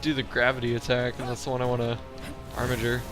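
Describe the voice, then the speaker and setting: A man of middle pitch chats his way through a boss fight as a let's play host, loose, profane and humming along as he plays. Game music runs clearly behind his voice. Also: monotone, quick pace. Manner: chatty and profane, hums along while fighting. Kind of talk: casual gameplay commentary.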